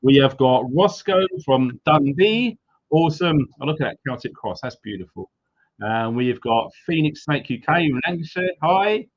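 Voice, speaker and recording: A man's voice: a little high, animated, normal speed. A man hosting a casual live stream, upbeat and greeting viewers one by one. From Wales. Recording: slightly dull lo-fi sound.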